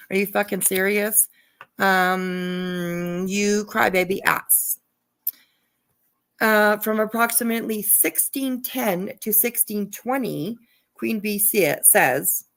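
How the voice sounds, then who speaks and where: A woman's voice: medium pitch, slow pace, a bit bright. A woman commentator reading court papers aloud in a casual way, breaking off into profane, laughing asides. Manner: profane, laughing asides between read passages. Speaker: online drama commentator.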